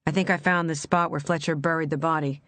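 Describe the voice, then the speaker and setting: A determined female investigator, voiced by a woman narrator, brisk and steady. Her words come out short and businesslike. Part of an audiobook reading. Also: low voice, dry recording.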